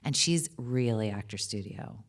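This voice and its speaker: Very low-voiced chatty woman. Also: expressive, a little slow. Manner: chatty and candid, frequent laughs and "like". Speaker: filmmaker and actor, interview guest. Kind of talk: live on-stage conversation. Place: cinema auditorium with live audience.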